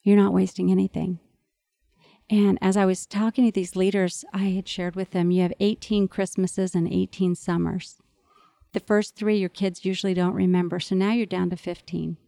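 A woman's voice: medium pitch, level tone, normal speed, gravelly, mellow, no echo. A middle-aged woman hosting a podcast, talking earnestly and with animation straight to listening parents. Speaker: podcast host. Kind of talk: encouraging podcast monologue to parents.

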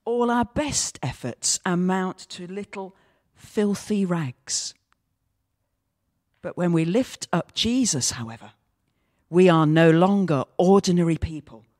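A woman pastor giving a measured, reflective sermon that weaves in a story. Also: fairly low pitch, a little mellow, no room sound, studio quality.

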